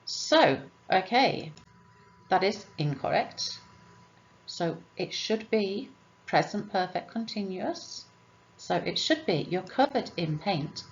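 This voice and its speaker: A woman's voice: medium pitch, lively intonation, slow pace, lo-fi sound. Patient woman teaching English grammar. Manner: patient, asks and answers her own questions. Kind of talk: explaining grammar exercises.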